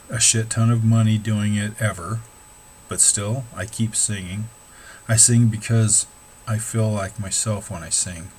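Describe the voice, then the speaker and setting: Middle-aged male hobby musician, casual vlog talk, low-ish pitch, frank and profane, restarts a lot. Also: a little mellow, slight background noise, poor audio. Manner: candid, swearing, rambling with restarts. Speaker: amateur musician.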